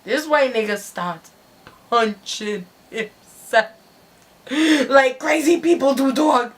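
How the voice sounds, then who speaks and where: Woman telling a wild story slowly. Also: high voice. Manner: animated, slangy, swearing narration. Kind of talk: dramatic story reading.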